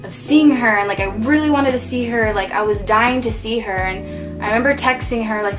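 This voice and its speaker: A woman's voice: mid-range voice, steady tone, normal speed, over music. A woman vlogger telling a personal story from her apartment, heartfelt and loose, full of "like" and "you know.". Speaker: beauty vlogger.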